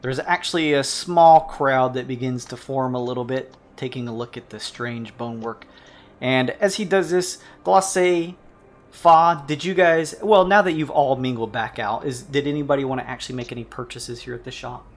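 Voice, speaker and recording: A man narrating a tabletop game as game master, in a relaxed, casual way. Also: medium pitch, normal speed.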